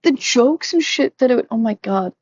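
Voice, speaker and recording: A young woman talking casually and candidly to her audience, full of fillers, who jumps up in pitch when she acts out quoted lines. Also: animated, moderate pace, darkish tone, no echo, muffled recording. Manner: chatty, lots of "like", acts out quotes in a higher voice. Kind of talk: casual confessional chat.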